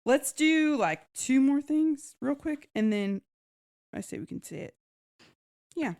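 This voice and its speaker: A woman's voice: high-pitched, animated, slow, darkish tone. A woman co-hosting a casual book podcast, retelling scenes with frequent laughs. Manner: retells scenes and reads book quotes aloud, laughing often. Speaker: podcast co-host.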